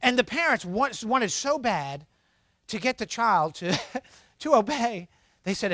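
A middle-aged man giving a humorous sermon on parenting, animated and acting out scolding parents for laughs. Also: high voice, a little slow, pauses often, no room sound.

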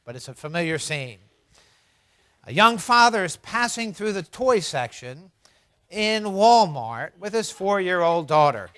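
A man preaching a sermon as pastor, telling a story in a measured, earnest way. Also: sits high, big pitch swings, fairly bright tone, dry recording.

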